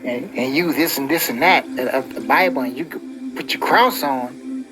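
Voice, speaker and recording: A man's voice: mid-range voice, normal speed, low-quality recording. Preachy man ranting over music. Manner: preachy, repeats "you know" often. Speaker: vlogger giving relationship advice. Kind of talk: rambling advice monologue. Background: background music.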